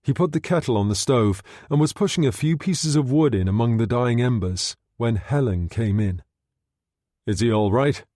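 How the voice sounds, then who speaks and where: A man narrating a thriller audiobook in an expressive reading style. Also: mid-range voice, moderate pace, hardly any pauses, dry recording, clean studio sound. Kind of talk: scripted narration.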